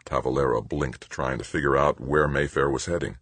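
A man narrating an audiobook in a measured, expressive way. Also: rumbling low, husky, dry recording. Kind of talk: scripted narration.

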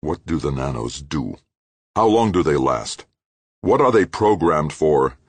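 A man voicing a violent, menacing man who snarls slow threats. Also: a bass voice, very animated, breathy edge, no room sound, exaggerated voice. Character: brutal, menacing man in a spacesuit, violent temper.

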